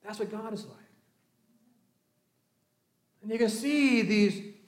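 High-voiced man preaching in an echoey room. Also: slow. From Southern California. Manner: storytelling, acting out voices, shifts from lively to hushed. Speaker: pastor. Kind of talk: sermon.

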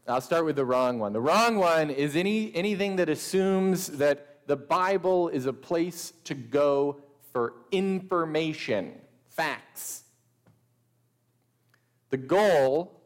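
Slow-speaking man preaching in a reverberant hall. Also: a little high. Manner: slow, deliberate delivery with wry asides. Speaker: pastor. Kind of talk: sermon.

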